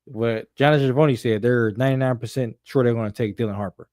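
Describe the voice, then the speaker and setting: A man's voice: medium pitch, quick pace, a little mellow, no echo. A young man co-hosting a sports podcast, talking emphatically and profanely in casual chat. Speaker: podcast co-host.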